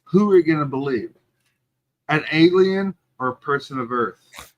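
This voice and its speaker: A man's voice: fairly high pitch, lively intonation, normal speed, muffled recording. A man co-hosting a podcast, debating a movie in casual chat and pressing his point. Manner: emphatic, argues his point. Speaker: podcast co-host.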